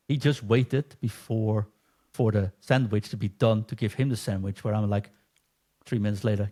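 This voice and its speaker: A man from the Netherlands co-hosts a casual podcast and speaks in a middle register. He tells lively anecdotes and acts out the lines of the people in them. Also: mid-range voice, moderate pace. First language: Dutch. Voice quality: chatty storyteller, acts out quoted exchanges. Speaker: podcast co-host. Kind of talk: casual chat.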